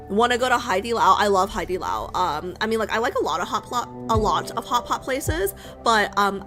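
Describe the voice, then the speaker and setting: A woman streamer chatting casually with her viewers, rambling and often asking them questions. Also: mid-range voice. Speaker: live streamer. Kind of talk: casual live-stream chat. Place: home streaming setup in New York.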